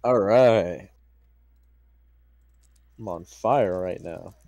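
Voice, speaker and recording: Eager low-voiced young man playing. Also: drawn-out words, warm tone, no echo, highs cut off. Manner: playful, eager banter. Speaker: player. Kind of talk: casual tabletop play.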